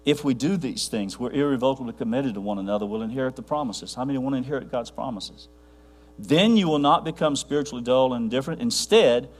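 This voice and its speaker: A man preaching a sermon to a congregation, rambling with restarts and dropping to a near hush for his quiet points. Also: medium pitch. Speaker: pastor.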